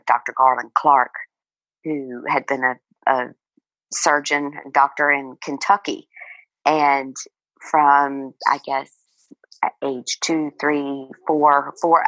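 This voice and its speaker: A woman's voice: very deep voice, a bit bright, no room sound, poor audio. A middle-aged woman, a guest on an interview show, talking casually with many fillers and restarts and frequent laughs. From Virginia, United States. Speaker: guest author.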